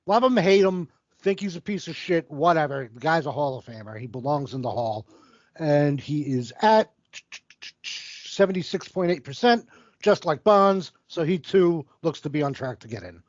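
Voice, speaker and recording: A man's voice: a little high, lively intonation, moderate pace, no room sound. Profane forties man rattling off stats. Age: 40s. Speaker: podcast co-host. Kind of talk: casual sports chat. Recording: dull lo-fi dry recording.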